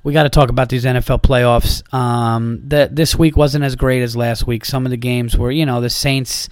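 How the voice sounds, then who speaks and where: A podcast host and comedian vents casually in an exasperated, profane monologue. His mid-range voice is a little mellow and clean, with fairly even intonation at a moderate pace, captured in a dry recording with clean studio sound.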